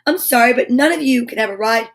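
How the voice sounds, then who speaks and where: A stern, kindly old toy gnome from a children's storybook, as a woman reads him aloud. His lines come brisk and firm, and she keeps her voice fairly high.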